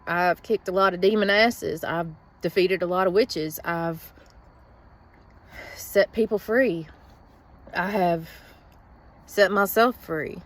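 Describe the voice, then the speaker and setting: A woman's voice: lowish voice, takes it slowly, pauses often. A woman talks in a blunt, profane, rambling way in a casual vlog, venting from inside a vehicle in a parking lot. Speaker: vlogger.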